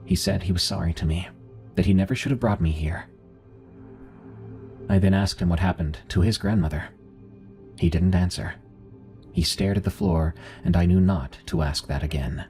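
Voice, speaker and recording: Male horror narrator, low and mellow, measured delivery, soft music bed. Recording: faint music underneath.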